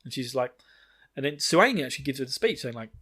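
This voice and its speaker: With a husky, sharp-toned voice of medium pitch and wide swings in pitch, a man hosts a podcast episode recapping a book chapter. The talk is casual and rambling, full of laughter, with some swearing and snappy acted quotes.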